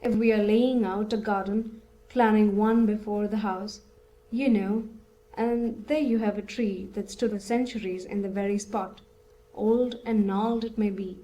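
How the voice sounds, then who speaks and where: A woman voicing an older male country landowner in an audiobook, calm, resigned and sure of his views. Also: mid-range voice, muffled recording, lightly acted.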